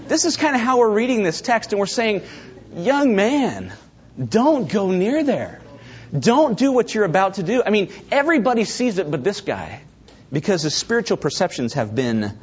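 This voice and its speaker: A man preaching a sermon, his husky voice riding a lively, swooping pitch as he acts out voices and turns to the congregation. The recording is dull and lo-fi. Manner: animated, acts out quoted voices, talks directly to congregation. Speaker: pastor.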